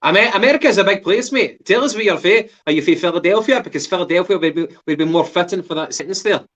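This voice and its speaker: A man's voice: high voice, animated, fast, fairly bright tone. A man with a Glaswegian Scottish accent co-hosting a football podcast, chatty and asking questions. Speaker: podcast co-host. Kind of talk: casual football chat. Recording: dull lo-fi sound.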